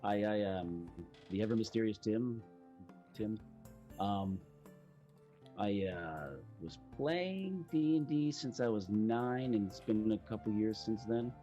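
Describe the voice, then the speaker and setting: Middle-aged man, low voice, slow halting guest chat, faint music behind. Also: mellow, muffled recording. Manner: halting, with pauses and fillers. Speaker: guest, army veteran and swordsmanship practitioner. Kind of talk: casual chat on a live stream.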